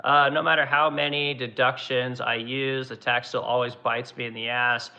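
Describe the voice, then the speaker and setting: A man's voice: mid-range voice, flat delivery, normal speed, bright, forceful tone, highs cut off. A man running a livestream as a furniture manufacturer, reading chat comments and ranting bluntly with plenty of profanity.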